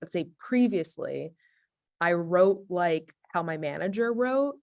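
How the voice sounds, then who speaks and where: A woman speaking as a webinar panelist, chatty and energetic, with many fillers like "like". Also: on the low side, slow pace, creaky. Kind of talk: casual panel discussion.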